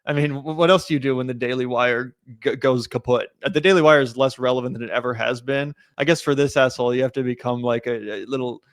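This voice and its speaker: A man's voice: mid-range voice, fairly even intonation, quick pace, few pauses, dry recording, studio quality. A man co-hosting a casual reaction podcast, rambling and profane with frequent laughs. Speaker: podcast co-host. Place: studio in a city neighborhood.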